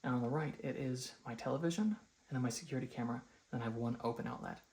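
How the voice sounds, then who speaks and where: Young man, casual home vlogger, rambling and chatty, mid-pitched everyday voice. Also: steady tone, racing, gravelly, a little mellow, reverberant. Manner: rambling, chatty, filler-heavy. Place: home, rooms and stairs.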